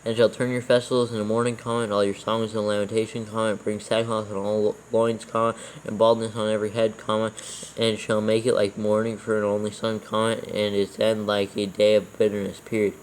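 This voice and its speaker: A man reading scripture aloud word by word for proofreading, calling out every comma and capital letter in a steady, even way. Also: fairly low pitch, a little fast, hardly any pauses, slight background noise, low-quality recording. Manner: steady, even reading, calls out punctuation marks. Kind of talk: dictating text with punctuation.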